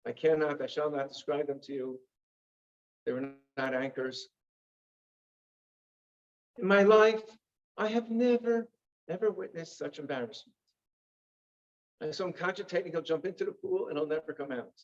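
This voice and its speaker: A man's voice: a little high, fairly quick. A man telling stories to a synagogue audience, vivid and theatrical with wry asides. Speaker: guest speaker. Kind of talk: dramatic storytelling talk. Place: synagogue hall. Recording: dull lo-fi recording.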